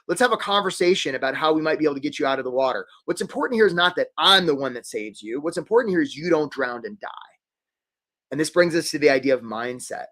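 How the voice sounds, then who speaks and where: A man coaching job seekers in a live online workshop, talking quickly and energetically and speaking straight to his attendees. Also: a little high. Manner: energetic, talks fast, addresses attendees directly. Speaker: career coach hosting a webinar.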